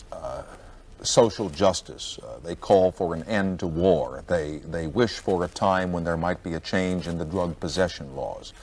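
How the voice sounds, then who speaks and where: Deep-voiced TV host asking probing questions. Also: male voice, a little hiss or hum. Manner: deliberate, probing questions with a dry wit. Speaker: talk show host. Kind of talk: late-night television interview. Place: television studio set.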